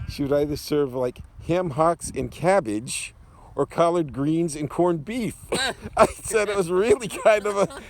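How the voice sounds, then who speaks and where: Animated, laughing male storyteller. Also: a little high. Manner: animated, laughs often while telling jokes. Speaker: guest storyteller. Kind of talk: casual anecdote telling.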